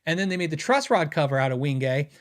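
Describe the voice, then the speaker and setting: A man hosting a gear podcast, telling a story in a chatty, animated way and laughing at his own anecdotes. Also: fairly high pitch, quick pace. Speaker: podcast host. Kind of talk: casual storytelling.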